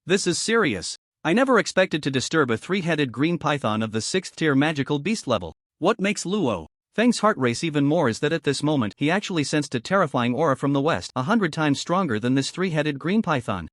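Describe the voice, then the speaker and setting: A cocky young male fighter from a fantasy recap, teasing and sure of himself, played by the narrator. His lively voice sits slightly high, recorded dry. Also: brisk, few pauses, dry recording. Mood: tense.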